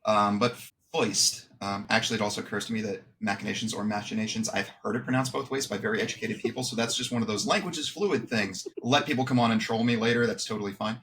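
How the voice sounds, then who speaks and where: A man's voice: mid-range voice, rapid-fire, hardly any pauses, a bit bright, slight background noise. A man in his thirties, a podcast guest, talking casually and self-deprecatingly with lots of fillers over a video call. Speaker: podcast guest, exercise physiology researcher. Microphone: webcam setup, video call.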